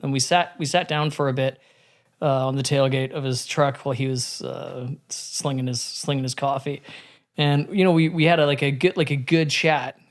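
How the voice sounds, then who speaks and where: A man's voice: medium pitch, fairly even intonation, normal speed. A man in casual podcast conversation, telling a candid story with frequent swearing and many restarts.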